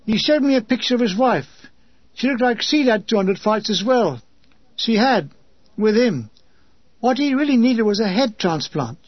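Man, comic memoir narration, dry wit, husky voice, dull lo-fi recording. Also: sits high, expressive, normal speed, no room sound.

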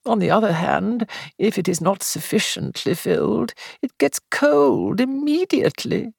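A woman's voice: fairly high pitch, expressive, slow, vocal fry, darkish tone, no echo, clean studio sound, pitched above the performer's own voice, full character voice. Woman doing a thin-voiced whining invalid. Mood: whining, melancholy. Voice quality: thin, weak voice. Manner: melancholy, self-pitying, fussy.

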